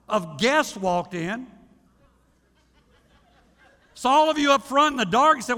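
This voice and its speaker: A male pastor preaching a sermon in a church, animated, often acting out the voices of people praying. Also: extremely high pitch, slow pace. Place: church sanctuary. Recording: long hall reverb.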